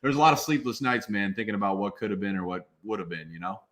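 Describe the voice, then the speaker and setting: A man's voice: lowish voice, expressive, quick pace, a bit bright. A man in his twenties, a former football player, talking emphatically as a guest in a casual interview.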